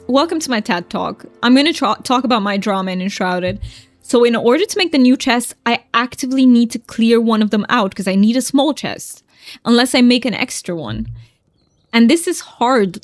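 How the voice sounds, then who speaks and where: A woman's voice: fairly high pitch, expressive, moderate pace, dry recording, faint music behind. A young woman chatting casually while streaming a game, laughing often and making fun of herself.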